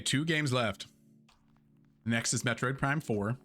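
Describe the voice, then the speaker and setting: Bright-voiced chatty male streamer. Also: medium pitch, slow pace, long pauses, soft background music. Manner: chatty, lots of fillers, candid with swearing. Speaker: streamer and host. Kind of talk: casual live-stream game review.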